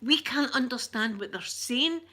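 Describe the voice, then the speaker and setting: A woman's voice: on the high side, expressive, unhurried, pushed and bright, a little hiss or hum. A middle-aged Scottish woman from Scotland, chatting casually to her viewers as an ASMR vlogger and telling stories in a talkative way. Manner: chatty storyteller, addresses viewers as "yous".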